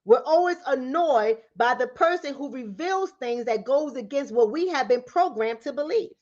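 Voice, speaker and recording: Bronx-raised woman, New York accent, high voice, rapid and preachy, direct-to-camera, dull lo-fi audio. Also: animated, a little mellow. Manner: fast-talking, preachy, rhetorical questions to viewers. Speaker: relationship coach and commentator.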